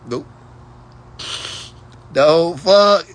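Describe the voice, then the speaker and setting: A tarot-reading man talks casually to his viewers, sassy and profane as he rambles from one thought to the next. His voice is bright and forceful, sitting at a middle pitch. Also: normal speed, husky. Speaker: tarot reader. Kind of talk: casual livestream chat with viewers.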